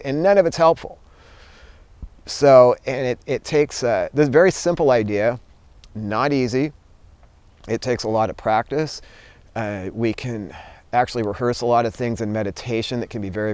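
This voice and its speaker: A man telling a story and giving advice in a casual, relaxed way, with many fillers. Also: fairly low pitch, smooth. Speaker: vlogger and teacher.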